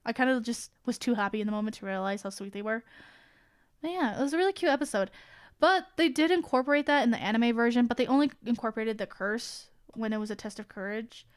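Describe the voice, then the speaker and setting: Excitable young woman streamer. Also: on the high side, fast, smooth. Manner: excitable, rambling, swears freely. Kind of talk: casual chat.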